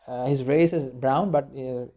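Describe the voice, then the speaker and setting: A man's voice: mid-range voice, unhurried, dark tone. A man teaching a media studies lecture in a loose, rambling way, full of fillers and restarts. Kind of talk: informal recorded lecture. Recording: dull lo-fi recording.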